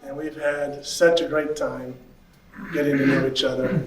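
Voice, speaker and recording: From the stage of a large conference hall, a pastor and church consultant in his fifties tells a personal story at a normal pace. His voice is high for a man and lively; he laughs and acts out the voices of people in the story. The recording is echoey and roomy, with his voice captured from well away from the mic.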